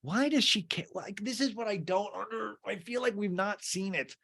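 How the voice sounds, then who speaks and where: A man's voice: high voice, moderate pace, gravelly, sharp tone, breathy edge. A man hosting a comedy podcast, recapping a reality show in a wry, gossipy and theatrical way. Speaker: podcast host. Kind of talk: comic TV recap.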